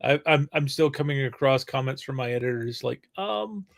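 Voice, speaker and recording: A man in casual chat about his writing, halting with many restarts. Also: medium pitch, animated, creaky. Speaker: writer guest.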